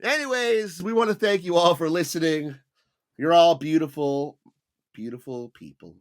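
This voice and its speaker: A man's voice: a little high, normal speed. A middle-aged man co-hosting a casual comedy podcast, telling stories with lots of animation and mocking voices. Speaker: podcast co-host.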